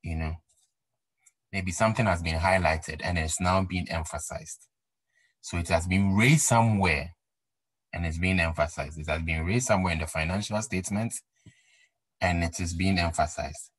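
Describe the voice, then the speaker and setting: A man with a very low, deep voice teaching an exam-prep accounting class. He drives points home by repeating them and asking his listeners whether the idea is clear. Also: moderate pace, pauses often, dry recording, rough recording. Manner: repeats key points for emphasis, asks rhetorical questions. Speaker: accounting lecturer. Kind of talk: recorded exam-prep lecture.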